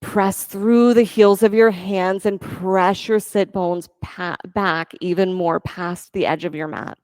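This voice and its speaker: A woman yoga teacher leading a class, giving calm, encouraging step-by-step cues for breath and poses. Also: mid-range voice, slow, no echo. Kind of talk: guided yoga class instruction.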